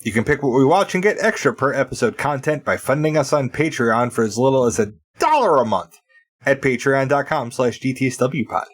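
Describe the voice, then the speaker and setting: A man's voice: medium pitch, animated, fairly quick. A man in his thirties co-hosting a podcast, with a wry, dry sense of humor, chatting and reading announcements. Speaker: podcast co-host. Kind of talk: casual chat and read announcements.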